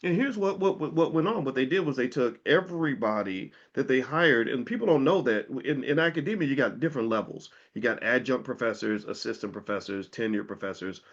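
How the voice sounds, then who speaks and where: Animated man talking on lo-fi audio. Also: brisk, few pauses. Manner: animated, mimics voices with big pitch jumps. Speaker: commentator and former professor. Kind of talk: casual monologue to camera.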